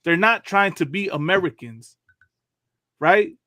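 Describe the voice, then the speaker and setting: A man's voice: high voice, animated, a little slow, pushed and bright, no echo, clean studio sound. A man hosting a casual religious talk show, loose and chatty, often laughing and asking "you know what I mean". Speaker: radio show host.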